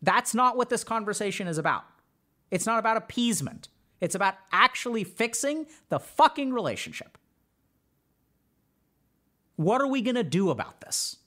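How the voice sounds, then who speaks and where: A man with a high, bright voice hosts a podcast as a mental health doctor, offering casual relationship advice at a normal speed. He sounds very animated and forceful, earnest and chatty, with lots of fillers and long pauses.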